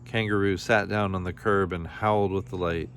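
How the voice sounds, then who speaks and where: Male storybook reader, lowish voice, gentle expressive read-aloud. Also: normal speed, slight background noise. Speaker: children's book reader.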